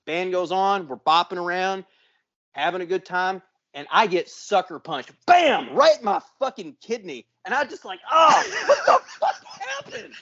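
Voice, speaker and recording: A man in his forties, a podcast co-host, telling a profane story with lots of swearing and loud sound effects. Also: high-pitched, normal speed, highs cut off. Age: 40s.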